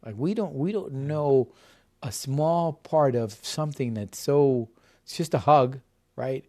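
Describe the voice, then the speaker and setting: A podcast guest in his fifties recounts a story in an unhurried, mid-range voice with a somewhat dark tone. He comes across as sincere and heartfelt, frequently starting over and repeating himself as in a casual interview.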